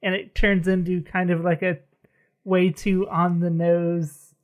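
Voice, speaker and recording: A woman's voice: fairly low pitch, little pitch movement, a little slow, a little mellow. A woman chatting casually as a podcast co-host, laughing as she talks. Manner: chatty, laughs while telling. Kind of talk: casual chat.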